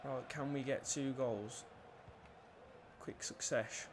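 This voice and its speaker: A young man commentating his own football video game match, nervy and swearing, bursting into shouts at big moments. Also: mid-range voice, steady tone, slow pace, background noise. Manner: nervous, swearing, erupting into shouts at goals. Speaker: gaming YouTuber. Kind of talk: live gameplay commentary.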